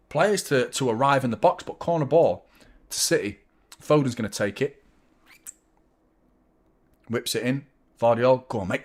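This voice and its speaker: Excitable football fan commentating. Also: male voice, a little high. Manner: excitable, swearing, jokey fan banter, chatting to viewers. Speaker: watchalong host. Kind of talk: live football watchalong commentary.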